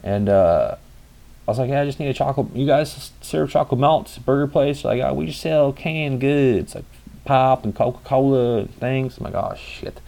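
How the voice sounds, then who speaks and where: In this casual vlog, a young man swears freely as he rambles through a story, performing each line of dialogue himself. He speaks at a moderate pace in a mid-range, dark voice with noticeable vocal fry.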